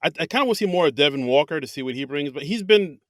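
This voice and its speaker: A man's voice: on the high side, expressive, very fast, no echo, studio quality. A man co-hosting a podcast in casual chat, tossing in jokes and mock-dramatic asides. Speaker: podcast co-host.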